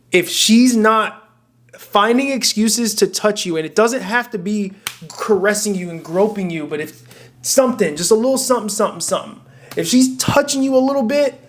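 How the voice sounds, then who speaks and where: High-voiced young man ranting bluntly. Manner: blunt and profane, emphatic with frequent restarts. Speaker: dating advice vlogger. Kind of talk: casual rant to camera. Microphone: camera mic.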